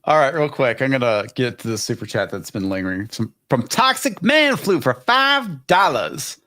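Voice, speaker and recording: A man's voice: mid-range voice, big pitch swings, moderate pace, sharp tone. A man hosting a casual live stream, reading super chats in a wry, laid-back way.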